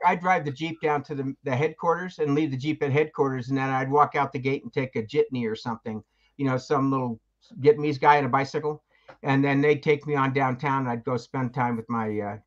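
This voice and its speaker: A man's voice: medium pitch, dull audio. An older man, a veteran guest, telling rambling anecdotes in casual conversation and acting out what people said. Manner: rambling anecdotes, acts out quoted voices. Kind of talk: casual storytelling.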